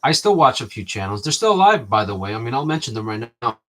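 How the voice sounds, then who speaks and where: A man chats to his viewers in a loose, meandering way, tripping over his own starts and circling back to points. His voice sits in an ordinary middle pitch. He slips into the voices of people he is describing. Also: very animated, fast talker, fairly bright tone. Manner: rambling, restarts often, acts out quoted exchanges. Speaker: vlogger. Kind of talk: rambling casual monologue.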